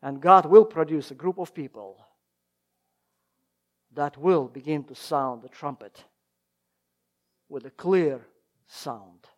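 High-voiced preacher, emphatic rises and hushes. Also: male voice, takes it slowly, long pauses. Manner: emphatic, rising and falling in volume. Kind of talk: sermon.

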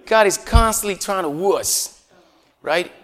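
Chatty preacher from Puerto Rico. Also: male voice, sits high, a little slow, fairly bright tone, faint music behind. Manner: chatty, asks the congregation rhetorical questions, chuckles often. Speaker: pastor. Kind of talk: conversational sermon.

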